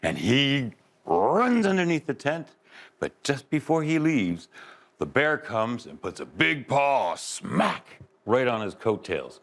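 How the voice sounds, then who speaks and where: A man telling a story aloud to children, expressive, with sound effects and asides to his listeners. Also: medium pitch, slow, creaky. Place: live event space.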